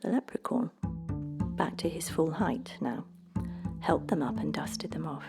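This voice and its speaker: A woman reads a storybook in a soft, hushed, measured way. Her voice sits low. Music plays clearly behind her. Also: expressive. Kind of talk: storybook narration.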